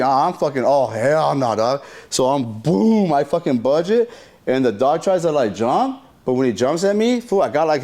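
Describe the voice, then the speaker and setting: Slangy man telling a story, sound effects and all. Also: medium pitch. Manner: slangy, profane talk full of sound effects; animated retelling that acts out what people said. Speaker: interview guest telling a story. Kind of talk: casual storytelling interview.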